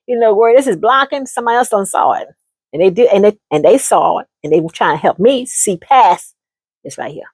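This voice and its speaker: Brief: a lively woman storyteller, husky, swooping pitch, keeps saying honey. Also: no room sound. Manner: animated, laughs often, calls listeners honey. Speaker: storyteller giving relationship advice. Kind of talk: casual storytelling monologue.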